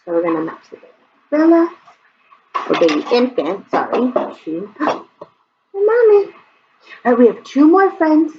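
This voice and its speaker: High animated woman teaching toddlers. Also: fairly quick. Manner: exaggerated, animated, sing-song. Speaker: preschool teacher. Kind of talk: singsong lesson for toddlers. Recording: dull lo-fi sound, faint background noise.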